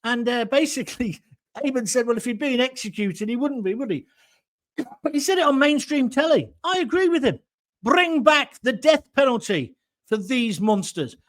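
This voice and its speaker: A man's voice: very high voice, fairly bright tone. An older man, hosting a live reaction show from his home and ranting bluntly, with plenty of swearing. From England. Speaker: host.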